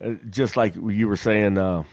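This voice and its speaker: A man's voice: on the low side, fairly even intonation, unhurried, creaky, a little mellow, no room sound, muffled recording. A man with a West Virginian accent, a podcast host telling folksy stories in casual chat and laughing often. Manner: folksy storyteller, laughs a lot.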